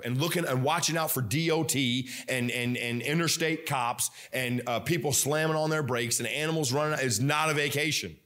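Pastor, sermon delivery, slightly high voice, chatty and animated, lots of fillers and restarts. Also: male voice, normal speed, hardly any pauses.

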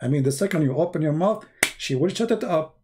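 A man's voice: a little high, lively intonation, brisk, noisy background. A man giving a sarcastic, mocking commentary monologue as an online religious debater, theatrical in delivery.

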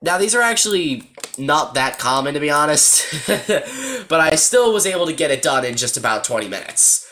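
A man's voice: a little high, sing-song, moderate pace, pushed and bright, a little hiss or hum. A man chatting casually as he walks through a game update, joking around and teasing himself. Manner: joking, chatty, self-mocking. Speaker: gaming YouTuber.

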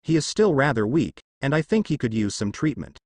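A mysterious cloaked ninja with a lazy, amused drawl, read out by a man. His lively voice rises and falls with dry humor, recorded close and dry with no room sound. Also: mid-range voice, brisk, dry recording.

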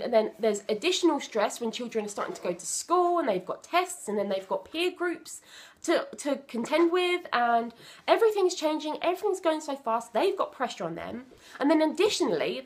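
A young woman with a British accent talks straight to camera about raising children. Her voice sits a little high, and her delivery is earnest and full of restarts and repeated phrases. She slips into short spoken examples of what a parent or child might say. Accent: British English. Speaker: parenting vlogger. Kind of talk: casual talk to camera.

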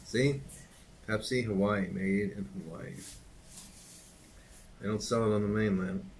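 A middle-aged man reading a novel aloud in a steady, unhurried way, with occasional casual asides to his listeners. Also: fairly low pitch, a little hiss or hum, rough recording. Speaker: reader and teacher.

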